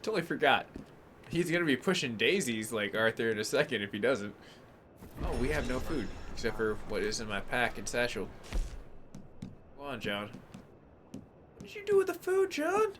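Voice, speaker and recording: Brief: easygoing male streamer, mid-pitched, slangy casual commentary, greets chat by name. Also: normal speed, long pauses, noisy background. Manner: chatty, greets viewers by name; laid-back slangy talk. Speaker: gaming live streamer.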